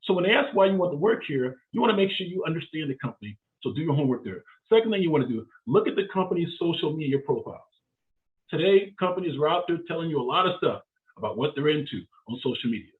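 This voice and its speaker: A man giving a live career seminar in an energetic, emphatic way, driving points home with short repeated phrases. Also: a little high, quick pace. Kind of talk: motivational seminar talk. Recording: phone-like narrow band.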